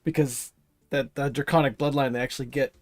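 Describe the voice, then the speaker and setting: A man's voice: mid-range voice, steady tone, fairly quick. A man playing a tabletop game, chatting in an easygoing way. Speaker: player. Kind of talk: casual tabletop play.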